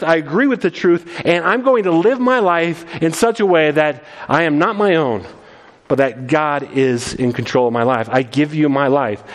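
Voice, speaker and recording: A pastor preaching an earnest sermon, explaining scripture verse by verse, often repeating the first words of a phrase. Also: male voice, fairly high pitch, in a large hall.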